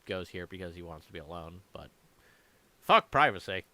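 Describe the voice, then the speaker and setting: A man's voice: low-pitched, big pitch swings, moderate pace, sharp tone. A man running a live tabletop game as game master, chatting casually with players and swearing often. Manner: casual, profane, laughing asides to players. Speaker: dungeon master.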